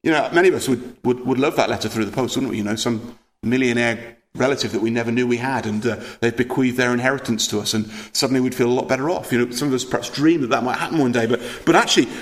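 A man's voice: medium pitch, fast, hardly any pauses. A man preaching a sermon, earnest and emphatic, asking rhetorical questions and often repeating words as he presses a point.

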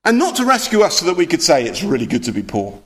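High-voiced earnest preacher. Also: male voice, wildly swooping pitch, fast, fairly bright tone. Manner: earnest, emphatic, with rhetorical questions and repeated words. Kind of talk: sermon.

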